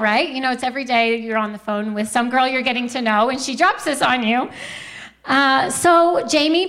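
A young woman giving a Christian testimony talk, earnest and quick to laugh, often quoting scripture. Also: high-pitched, fairly bright tone.

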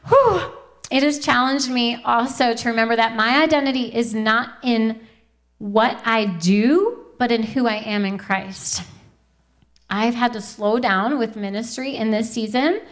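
A woman's voice: fairly high pitch, unhurried, fairly bright tone. A woman in her thirties giving a heartfelt faith testimony to a live audience, earnest and chatty with laughing asides to the crowd. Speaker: Christian speaker.

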